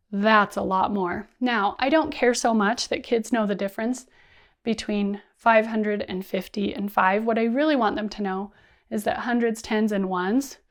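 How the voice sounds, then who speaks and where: A woman presenting an instructional video for teachers, modeling call-and-response counting and hand actions the way she would with students. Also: on the high side. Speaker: teacher trainer.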